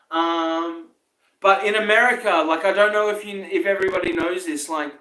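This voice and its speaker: A man's voice: high-pitched, moderate pace, sharp tone, echoey room, rough recording. Rambling, profane New Zealand man. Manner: rambling, profane, chuckling, many fillers. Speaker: podcast host. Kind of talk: casual monologue.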